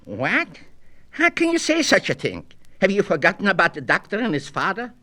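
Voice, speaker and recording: A man's voice: high-pitched, huge pitch swings, moderate pace, pushed and bright, voice pushed up, full character voice. A man putting on a whining, fretful husband. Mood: agitated. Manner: agitated, pleading and indignant. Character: fretful, whining married man seeking advice. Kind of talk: storybook reading.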